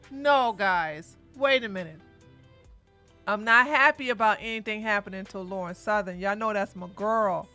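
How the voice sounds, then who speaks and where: A woman hosting a casual livestream, chatting animatedly and breaking into loud outbursts. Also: mid-range voice, measured pace, faint music behind. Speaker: livestream commentary host.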